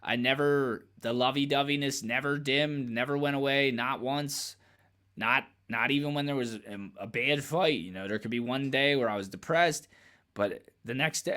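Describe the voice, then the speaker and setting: A man's voice: mid-range voice, moderate pace, fairly bright tone. Candid, rambling man reacting to clips. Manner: candid, rambling, profane, laughs often. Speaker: reaction video host. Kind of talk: casual reaction commentary.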